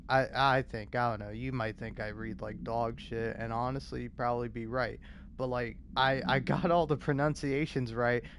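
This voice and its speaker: Young male gamer, profane and self-mocking, with frequent stammers and heavy game noise. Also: medium pitch. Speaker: gaming channel host. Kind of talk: casual profane gameplay commentary.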